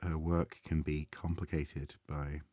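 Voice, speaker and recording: A man chatting casually to viewers as he draws on a live stream, relaxed and thinking aloud, often trailing off mid-sentence. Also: a bass voice, a little slow, no echo, studio quality. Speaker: art streamer. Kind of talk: casual chat while drawing live.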